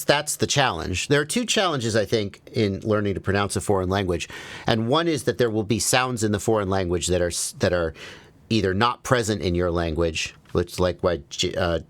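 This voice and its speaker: Casting: low-voiced American man, relaxed stream host, dry close mic, lively storyteller. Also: no room sound. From American South. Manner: animated storyteller, jumps high on quoted asides. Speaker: livestream host. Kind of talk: casual livestream chat.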